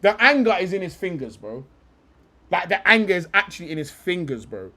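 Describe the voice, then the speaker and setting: An excitable young male streamer talking casually in quick bursts, breaking into laughter often. His voice sits high and swings widely in pitch. He reacts loudly and swears without a second thought. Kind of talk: casual live-stream chat.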